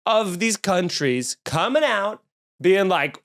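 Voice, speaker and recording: A man's voice: high-pitched, takes it slowly, fairly bright tone, clean tone. A man with a Long Island accent hosting a comedy podcast, talking in a snarky, sarcastic, rambling rant. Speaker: podcast host. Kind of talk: comedic ranting chat. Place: at home with windows open.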